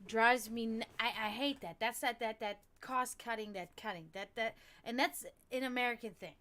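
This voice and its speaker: Rambling, higher-voiced woman streamer. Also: moderate pace, bright, forceful tone. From Germany. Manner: rambling and digressive, swears when annoyed. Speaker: streamer reading and discussing esoteric texts. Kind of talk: casual livestream chat with reading aloud.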